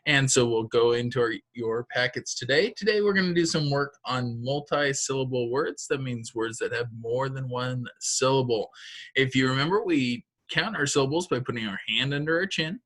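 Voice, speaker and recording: Bright-voiced man teaching young children. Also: mid-range voice, moderate pace. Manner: patient, step-by-step classroom instructions. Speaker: second grade teacher. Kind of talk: remote phonics lesson.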